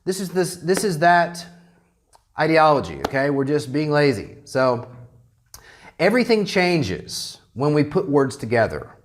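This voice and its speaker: An American man from the United States teaches English grammar in a classroom lecture. His voice is a little high and unhurried, and he's animated, constantly checking in with "okay?".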